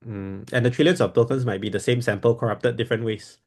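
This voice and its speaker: A man's voice: mid-range voice, fairly even intonation, quick pace, a little mellow, slightly rough. A man hosting a casual technical discussion, explaining while thinking aloud and often repeating his words.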